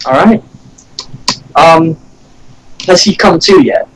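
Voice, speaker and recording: A man with an American accent playing a tabletop game, asking halting questions full of fillers. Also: fairly high pitch, poor audio. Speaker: player.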